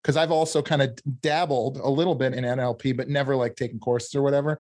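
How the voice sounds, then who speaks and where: A man hosting a podcast interview, with a voice of middle pitch. He chats in a loose, casual way and fills his sentences with "like" and "kinda.". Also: steady tone, quick pace, darkish tone. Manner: loose, filler-heavy talk with many "like" and "kinda". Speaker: podcast host.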